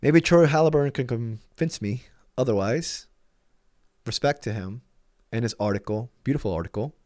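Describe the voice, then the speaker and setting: A man's voice: medium pitch, normal speed, a little mellow, dry recording, studio quality. A man hosting a sports vlog, ranting with exasperation and profanity, emphatic and fed up. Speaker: sports channel host.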